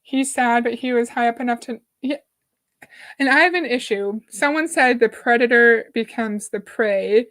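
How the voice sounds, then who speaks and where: A woman's voice: on the high side, moderate pace, fairly bright tone. A woman hosting a live reaction stream, chatting casually, greeting viewers by name and reading their comments aloud. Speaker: livestream host.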